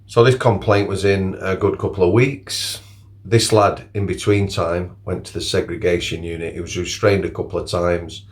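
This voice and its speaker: Man, deep voice, blunt plain-spoken storyteller, casual rambling monologue. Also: steady tone, normal speed. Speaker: former prison officer telling stories.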